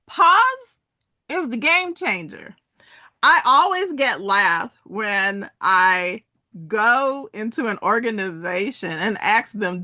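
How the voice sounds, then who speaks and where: A woman presenter in middle age talks listeners through a wellness framework and guides them through spoken exercises. She speaks slowly, with a bright voice that swings widely in pitch. The sound is dry and close, with no room echo. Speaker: workshop presenter. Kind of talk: interactive wellness talk.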